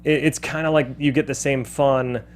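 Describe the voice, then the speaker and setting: A man's voice: mid-range voice, normal speed. A man hosting a movie podcast, chatting casually about a film in a rambling way and laughing often. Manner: animated, laughing, rambling with restarts. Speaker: podcast host. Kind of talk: casual film-discussion chat.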